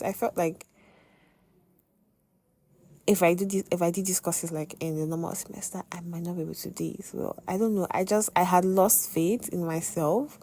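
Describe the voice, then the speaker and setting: A young woman hosting a podcast, telling a personal faith testimony in an expressive way, with sudden exclamations. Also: on the low side. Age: young adult. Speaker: podcast host.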